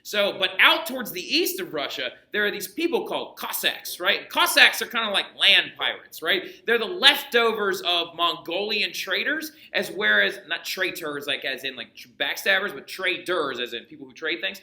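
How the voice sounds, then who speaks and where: A man lecturing on history to his class, animated and chatty, often checking in with his students. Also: sits high, normal speed, hardly any pauses, roomy sound. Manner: animated, chatty, many asides and rhetorical checks. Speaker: history teacher.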